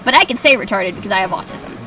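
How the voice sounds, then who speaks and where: A woman's voice: mid-range voice, fast talker, bright, forceful tone. A young woman reading a fan story aloud and mocking it with sarcastic, swearing asides. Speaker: host reading fanfiction aloud. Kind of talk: comedic dramatic reading with commentary. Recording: distant mic, music behind.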